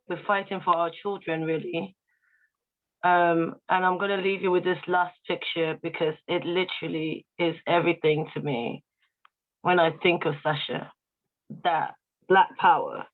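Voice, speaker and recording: A woman's voice: lowish voice, steady tone, unhurried. A woman giving an emotional, heartfelt tribute speech, addressing her listeners directly. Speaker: guest speaker at a tribute event. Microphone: video call. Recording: tinny video-call audio.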